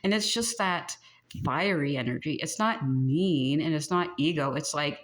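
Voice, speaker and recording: Low-voiced chatty woman reading tarot. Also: measured pace. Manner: chatty, laughing, animated asides. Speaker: tarot reader. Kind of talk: casual tarot reading to camera.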